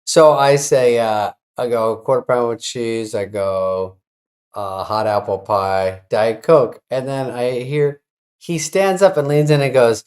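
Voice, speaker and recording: A man co-hosting a casual comedy chat, telling a story with deadpan, sarcastic jabs. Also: medium pitch, normal speed. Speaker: co-host.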